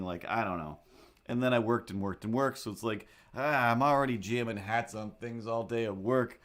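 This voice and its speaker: A man's voice: mid-range voice, moderate pace, fairly bright tone. A young man hosting a livestream, chatting casually in a rambling, jokey, self-deprecating way while he sets up. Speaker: livestream host. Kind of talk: casual chat while setting up a drawing stream.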